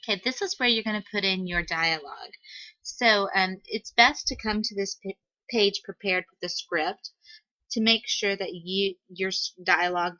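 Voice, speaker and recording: Patient woman teacher walking through software. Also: medium pitch, no echo, dull audio. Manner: patient, step-by-step instructions with "um" fillers. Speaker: teacher giving a tutorial. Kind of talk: screen-recorded software tutorial. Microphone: computer microphone.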